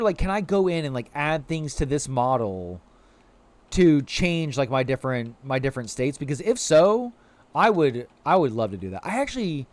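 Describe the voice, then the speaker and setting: Lively, chatty man streaming a game. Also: on the high side. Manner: animated, rambling, heavy "like" fillers; coos playfully at game creatures. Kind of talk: live gameplay stream chat.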